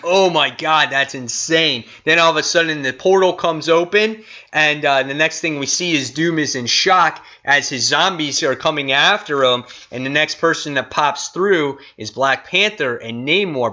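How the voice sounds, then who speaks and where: A man hosting a casual comic review vlog, excitable and rambling. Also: on the high side, lo-fi sound.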